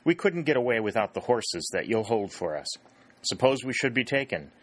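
A man doing a calm, soothing young soldier. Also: medium pitch, normal speed, no echo, pitched above the performer's own voice. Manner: soothing, reasoning. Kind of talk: audiobook character voice.

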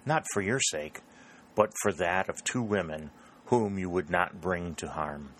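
A man voicing a proud, pale young woman who is cool and guarded, in a measured, reserved way in a read-aloud story. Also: low-pitched, a bit bright, a little hiss or hum.

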